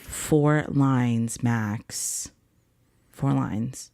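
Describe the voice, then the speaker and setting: Gravelly-voiced podcast co-host. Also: medium pitch, extremely slow, dark tone. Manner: teasing, asks the questions. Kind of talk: casual chat.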